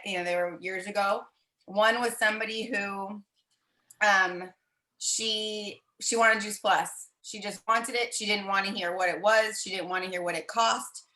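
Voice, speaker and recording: A woman chatting on a video call, telling a story in a lively way and acting out the voices she quotes. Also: mid-range voice, roomy sound, low-quality recording. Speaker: team member sharing a story.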